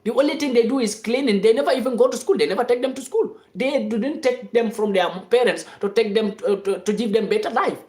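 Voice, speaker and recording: A live-stream commentator giving an impassioned, off-the-cuff monologue to followers, insistent and repetitive, sometimes rising to shouts. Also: mid-range voice, brisk, few pauses, roomy sound. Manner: fiery and insistent, repeating phrases, rising to shouts.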